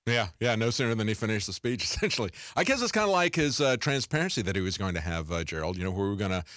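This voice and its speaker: A man with a lowish voice hosts an interview, recorded dry and close. He lays out long, conversational questions and pauses often on fillers as he thinks. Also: sing-song, fairly bright tone, dry recording. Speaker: show host.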